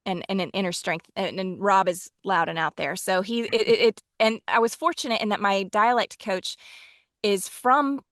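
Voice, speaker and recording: A chatty woman with a Texan accent talks about her narration work, filling pauses with ums. Her voice sits in a middle pitch range. The recording is close and dry, with no room sound. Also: no room sound. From Texas. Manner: chatty and animated, with frequent ums. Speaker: audiobook narrator and voice actor. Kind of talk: casual interview chat.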